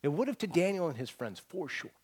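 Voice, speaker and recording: A middle-aged male pastor preaching a sermon in an earnest, animated way, often restarting his phrases. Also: fairly high pitch, quick pace, husky.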